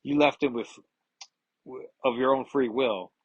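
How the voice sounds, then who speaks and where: A man voicing a brash, tactless male archer hero, speaking bluntly with a husky voice. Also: medium pitch, measured pace, no room sound, muffled recording. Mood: cocky.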